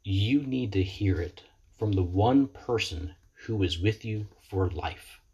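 The audio is muffled as a man in recovery talks into his computer's webcam, his lowish voice slow, mellow and husky. In this earnest, reflective motivational talk about his experience, he regularly pauses to repeat phrases.

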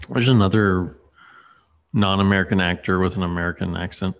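A man's voice: sits low, a bit bright. A man in casual chat, rambling with lots of fillers and restarts.

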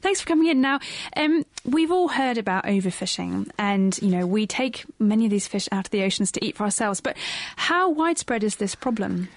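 A woman co-hosting a radio science show, reading emails and introducing guests in a bright, friendly way. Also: medium pitch, animated, a little fast, no echo. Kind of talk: casual radio presenting. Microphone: studio microphone.

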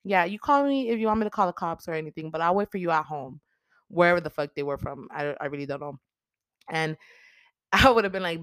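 A woman's voice: sits low, fairly quick, no room sound. A young woman giving a casual, profanity-heavy movie recap, acting out the characters' lines. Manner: animated, heavy swearing, acts out characters' lines. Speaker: podcast host recapping a movie.

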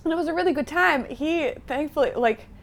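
A woman's voice: high-pitched, brisk, gravelly. Giggly, teasing woman co-host. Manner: teasing, laughs often. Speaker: podcast co-host. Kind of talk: casual chat.

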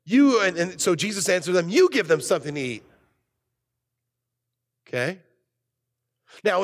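Preaching in a large hall, a male pastor moves between booming emphasis and hushed, low asides. His delivery throughout is animated.

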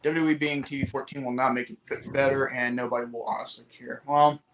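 A man's voice: medium pitch, level tone, fast, a bit bright, a little hiss or hum. A man co-hosting a podcast in casual chat, rambling and joking with lots of fillers. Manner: rambling, jokey, many fillers. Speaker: podcast co-host.

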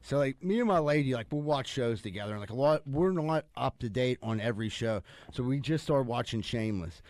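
A man's voice: medium pitch, lively intonation, a little fast, a little mellow, no room sound. A man telling a long, rambling, profane story in casual podcast chat, filling it with "dude" and "like".

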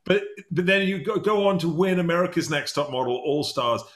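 A man's voice: on the high side, expressive, fairly quick, fairly bright tone. A middle-aged man hosting a casual interview, rambling with many restarts and fillers. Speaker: podcast host.

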